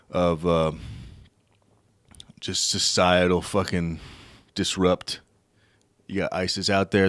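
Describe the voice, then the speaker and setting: A young man from the United States hosting a casual solo podcast, swearing and rambling as he looks things up and reads aloud haltingly. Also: low-pitched, clear, resonant tone, no room sound. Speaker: podcast host.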